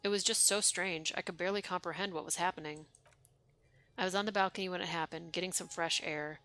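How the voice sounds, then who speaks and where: A woman's voice: lowish voice, steady tone, fast talker, pushed and bright. A young woman streaming a game, chatting wryly and reading its dialogue aloud. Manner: chatty, wry, reads game text aloud.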